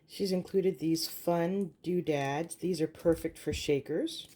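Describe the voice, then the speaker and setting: A craft YouTuber shows off her haul piece by piece, enthusing brightly about every item. Her voice is low, slow and dark in tone.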